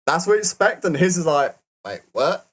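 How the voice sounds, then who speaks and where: A young man in his twenties, a guest musician, chatting casually and telling rambling, animated stories. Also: high voice, fast talker. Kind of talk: casual chat.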